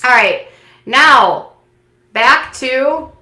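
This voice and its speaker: A woman giving casual, snarky commentary on a reality show, mocking the cast with quick impressions. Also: high voice, expressive, bright, forceful tone, echoey room. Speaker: commentary host.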